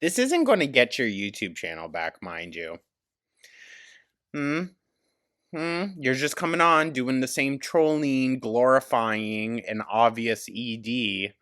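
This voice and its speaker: A woman's voice: a bass voice, lively intonation, takes it slowly, a bit bright. A woman hosting a reaction commentary, mocking and sarcastic, swearing and laughing often. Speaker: commentary host. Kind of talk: reaction commentary over a stream clip.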